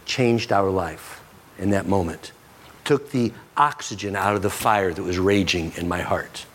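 A middle-aged man preaches a sermon with earnest conviction. He often drops his voice low and slows down to press a point home. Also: slight background noise. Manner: earnest preaching that drops soft and slow for emphasis. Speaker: pastor.

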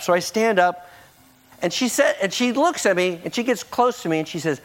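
A man's voice: high-pitched, moderate pace. A middle-aged man preaching a sermon, telling a story and acting out the people in it. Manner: animated, acts out the people in his story.

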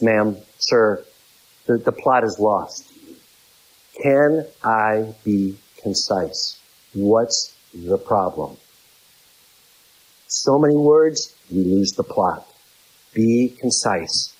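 A man's voice: darkish tone, poor audio. A middle-aged man preaching a sermon, laying out numbered points and repeating key phrases for emphasis. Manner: acts out quoted voices in a high pitch.

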